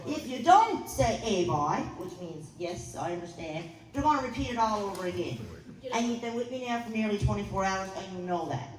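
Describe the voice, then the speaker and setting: A woman's voice: mid-range voice, lively intonation, a little fast, slight background noise. A woman from Newfoundland with a Newfoundland accent, hosting a ceremony in a folksy, joking way. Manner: folksy, joking, loud to a crowd. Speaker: ceremony host. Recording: roomy hall from a distance with crowd.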